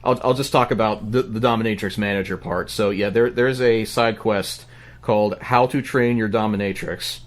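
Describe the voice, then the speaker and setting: A man telling a story on a podcast in an animated way, with lots of stammering restarts. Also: lowish voice, moderate pace. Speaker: podcast guest. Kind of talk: casual podcast chat.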